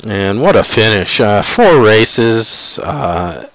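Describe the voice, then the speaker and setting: A man hosting a live sim racing broadcast, talking in a halting way full of fillers. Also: on the low side, big pitch swings, fairly bright tone, no echo, rough recording. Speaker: broadcast host.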